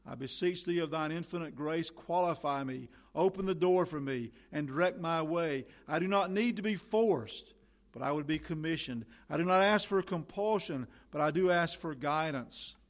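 A man's voice: fairly high pitch, moderate pace. Fervent man reading an old sermon. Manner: solemn, old-fashioned biblical diction with rising fervent appeals. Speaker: preacher.

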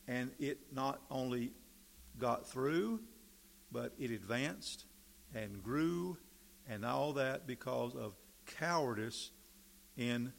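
A man preaching a sermon, slow and deliberate, stressing key words and pausing often. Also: mid-range voice, vocal fry, fairly bright tone.

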